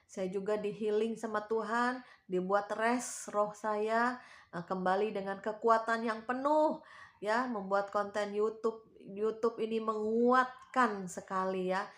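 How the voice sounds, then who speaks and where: A woman preaching to her channel's viewers. She exhorts them in a coaxing, repetitive way and tags her phrases with little prompts. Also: medium pitch. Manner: warm exhorting, tags sentences with "ya". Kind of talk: devotional exhortation.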